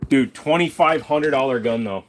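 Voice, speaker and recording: A man's voice: medium pitch, normal speed. A male host in a casual livestream chat, laid-back, joking and profane.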